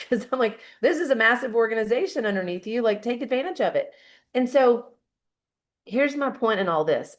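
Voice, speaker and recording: A woman in her fifties, a guest speaker giving a fired-up motivational talk full of storytelling. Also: fairly high pitch.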